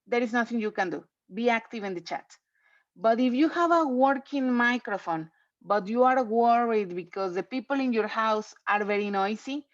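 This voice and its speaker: A woman's voice: fairly high pitch, no room sound. A woman English teacher explaining rules to her class in an online lecture, chatty and repetitive, often checking in with "okay?". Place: home. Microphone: computer mic on video call. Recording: dull, lo-fi video call audio.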